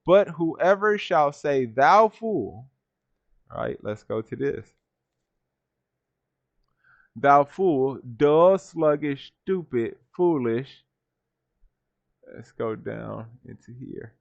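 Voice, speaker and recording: A man leads a Bible study from home, reading verses aloud and breaking words down one by one. His voice sits at a middle pitch. The recording is dry and a little dull. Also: lively intonation, drawn-out words, vocal fry, pauses often, dry recording. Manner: reads verses then defines words, repeats "right?". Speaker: Bible teacher. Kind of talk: scripture study talk.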